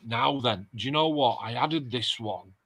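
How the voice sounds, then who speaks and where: Chatty man with a bright voice. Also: mid-range voice, moderate pace. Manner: chatty, reads out viewer comments. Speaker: host. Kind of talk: casual livestream chat.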